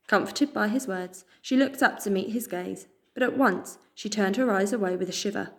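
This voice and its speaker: A woman with a British accent reading a children's chapter book aloud, expressive and cheerful. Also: medium pitch, normal speed, hardly any pauses. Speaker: storyteller.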